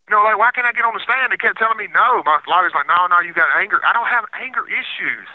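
A man's voice: high voice, lively intonation, fast, dry recording. Indignant man on a phone line. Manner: heated, repetitive, indignant. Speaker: interviewee, former defendant. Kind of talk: emotional recounting on phone.

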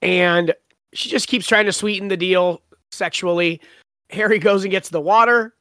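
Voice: mid-range voice, steady tone, moderate pace, a bit bright, no room sound. Chatty book podcast host, dry close mic. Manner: laughing, retells scenes with quoted lines. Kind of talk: casual book discussion.

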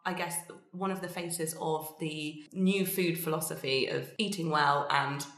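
A woman hosting a podcast, chatty and self-deprecating, a little tired and croaky. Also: low-pitched, fairly even intonation, a little slow, fairly bright tone, no room sound. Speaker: podcast host. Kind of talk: casual podcast chat. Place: guest's home.

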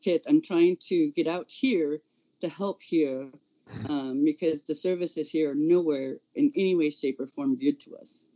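A man's voice: on the high side, measured pace, warm tone. Earnest impassioned man, muffled audio. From Central California. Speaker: autistic advocate. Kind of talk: casual conversation.

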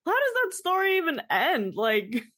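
Lively, exclamatory woman co-host. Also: extremely high pitch, normal speed. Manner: exclamatory, supportive interjections. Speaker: podcast co-host. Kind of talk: casual chat, reacting to a story.

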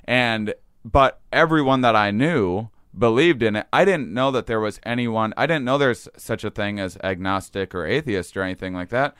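Smooth-voiced man with a Wisconsin accent. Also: lowish voice, normal speed, a bit bright, no echo, clean studio sound. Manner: reflective, self-deprecating, laughs often. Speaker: podcast guest. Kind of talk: casual conversation.

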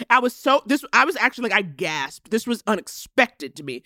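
A woman's voice: fairly high pitch, a little fast, no room sound. An emphatic woman in casual recap chat, her voice leaping up and down as she acts out characters. The sound is dry and close, with no room around it. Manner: animated and emphatic, voices characters while retelling. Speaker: podcast co-host.

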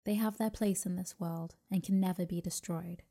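Santa Claus, read by a woman, musing softly. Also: on the low side, normal speed. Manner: musing, calm. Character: kindly old Santa Claus, gentle and thoughtful.

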